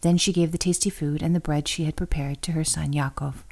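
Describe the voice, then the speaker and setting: A woman reads scripture aloud in steady, even narration. Her voice is mellow and sits on the low side. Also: brisk. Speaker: scripture reader.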